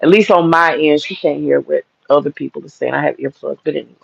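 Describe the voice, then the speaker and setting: A woman hosting a live stream, ranting bluntly and with lots of swearing while lying down, her voice sounding deep. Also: steady tone, quick pace, vocal fry, lo-fi sound, slight background noise. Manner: blunt, profane, rambling. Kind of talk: casual live-stream rant. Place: lying down at home.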